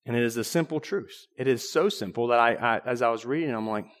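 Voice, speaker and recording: A man preaching a sermon in a conversational way, restarting phrases and clearing his throat now and then. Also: mid-range voice, quick pace.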